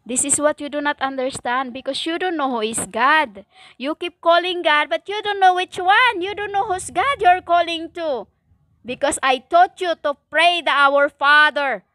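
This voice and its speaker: A woman preaching a stern religious monologue in halting non-native English, with many fillers and emphatic repetition. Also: sits high, pushed and bright, no echo, clean studio sound. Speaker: self-styled prophetic preacher.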